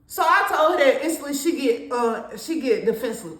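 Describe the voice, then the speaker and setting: A young woman tells a personal story in a candid, conversational way. Her voice sits a little high. The recording has a noticeable room echo. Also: sing-song, moderate pace, hardly any pauses, a bit bright. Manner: candid, conversational, with laughs and slang. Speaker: storytime vlogger. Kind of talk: casual storytime monologue.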